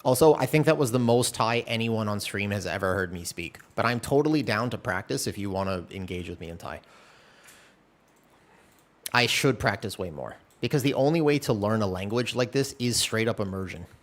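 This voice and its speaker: A man's voice: on the low side, normal speed. Laid-back male game streamer chatting. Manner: relaxed, rambling, self-deprecating. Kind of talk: casual live-stream chat while gaming. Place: home room.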